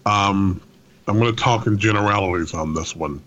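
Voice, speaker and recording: A man who works as a lawyer telling a story on a podcast in a wry, measured way, now and then swearing and laughing. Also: lowish voice, a bit bright, dull audio. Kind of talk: casual storytelling chat.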